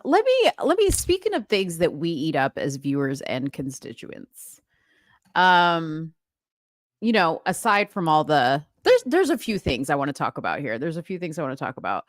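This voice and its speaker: A woman's voice: sits low, huge pitch swings, normal speed, dry recording, clean studio sound. A woman co-hosting a casual political livestream, chatty and agreeable. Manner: chatty, agreeable, reads captions aloud. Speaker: co-host.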